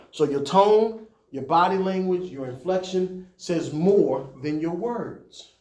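A male pastor preaching to his leaders in an easy, conversational way, then pushing up into emphatic peaks. His voice sits high, and it rings in a reverberant church room. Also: lively intonation, moderate pace, darkish tone.

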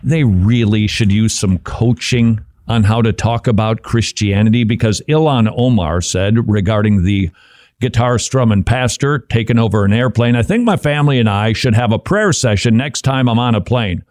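A man's voice: fairly low pitch, normal speed, darkish tone, dry recording, clean studio sound. A man hosting a Christian commentary show, talking casually and wryly, with asides and chuckles. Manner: wry, conversational, with asides and chuckles. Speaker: Christian talk show host.

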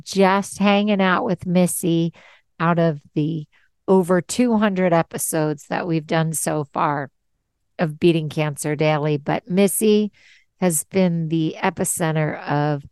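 A woman's voice: on the low side, a little mellow, clean tone, no echo. A woman hosting a casual podcast, chatty and upbeat, laughing easily as she talks. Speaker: podcast host.

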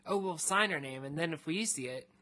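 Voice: medium pitch, fairly quick, pushed and bright. A co-host trading sarcastic, joking quips while a story is read aloud. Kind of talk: casual chat about a gamebook.

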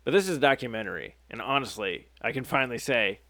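A man's voice: mid-range voice, lively intonation, fast talker, pushed and bright, no echo. A young man in casual comedic banter, riffing and swearing, often dropping into acted voices.

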